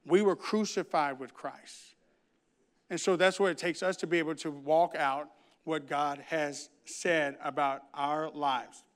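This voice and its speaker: A man's voice: a little high, a bit bright, clear, resonant tone. A man preaching a sermon, telling a funny family story and acting out the dialogue before turning to scripture. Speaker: pastor.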